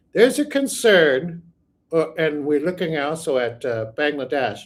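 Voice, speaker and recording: A higher-voiced man answering viewer questions. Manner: rambling, thinks aloud while answering. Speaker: psychic channel host. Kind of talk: live viewer Q&A.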